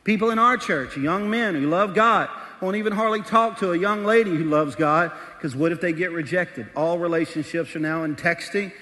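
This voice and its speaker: A man preaching a sermon as pastor. He is animated, moving between quiet asides and shouting, in a large church auditorium. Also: sits high, normal speed, hardly any pauses, long reverb tail.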